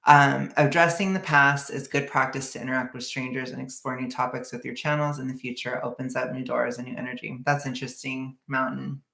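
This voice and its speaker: A young woman with a low, gravelly voice chats through a casual livestream, reading viewer comments. She talks bluntly and sarcastically, and her voice rings in an echoey room. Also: fairly even intonation, brisk, hardly any pauses, a bit bright. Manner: blunt and sarcastic, laughs often. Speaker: streamer reacting to another stream.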